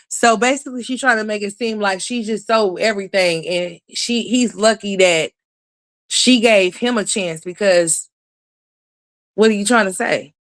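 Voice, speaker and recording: A woman's voice: mid-range voice, fairly bright tone, dry recording. Blunt, cursing woman commentator. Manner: blunt, profane, rhetorical questions. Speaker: commentary channel host. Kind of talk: reaction commentary.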